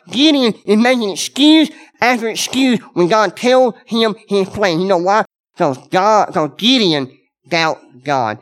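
A man's voice: high voice, lively intonation, measured pace. A man preaching a sermon, earnest and conversational, speaking directly to his congregation and repeating key words for emphasis.

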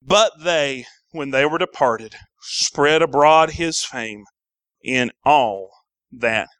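A man's voice: mid-range voice, slow, fairly bright tone, smooth, dry recording. A man preaching a sermon as pastor, calling out to the church with rising fervor.

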